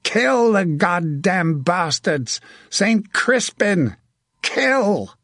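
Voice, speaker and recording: A man's voice: sits high, big pitch swings, extremely slow, fairly bright tone, dry recording, clean studio sound, voice pushed up, heavily acted. A man voicing a grim male archer who roars war cries in battle, in an audiobook. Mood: roaring.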